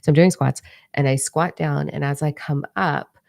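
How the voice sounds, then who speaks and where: A woman's voice: low voice, steady tone, normal speed, gravelly, a little mellow, dry recording, clean studio sound. A woman in her forties, a spiritual teacher telling a story in a casual, rambling monologue, blunt and swearing freely. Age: 40s.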